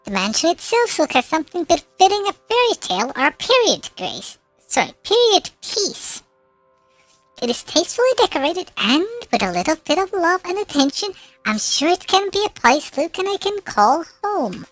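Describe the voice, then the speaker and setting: A woman's voice: very high voice, very animated, normal speed, no echo, soft background music. A woman streamer reading game narration aloud, with occasional slips and self-corrections.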